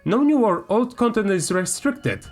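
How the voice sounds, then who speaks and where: A man's voice: high voice, sing-song, measured pace, soft background music. A man, a gaming YouTuber, reads a statement aloud and breaks into heated, swearing commentary. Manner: heated, swearing, flares up loudly. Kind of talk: reading aloud and ranting commentary.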